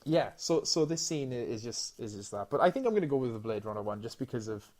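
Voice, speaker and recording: A man co-hosting a casual podcast chat, animated and excitable, stumbling over restarts as he retells movie scenes. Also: mid-range voice, quick pace. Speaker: podcast co-host.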